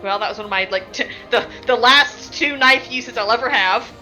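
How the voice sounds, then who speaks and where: Tabletop player, woman, bright and a little high, loose rambling recap, slightly muffled audio. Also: normal speed, soft background music. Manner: rambling, laughing, lots of filler words. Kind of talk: casual recap of a game session.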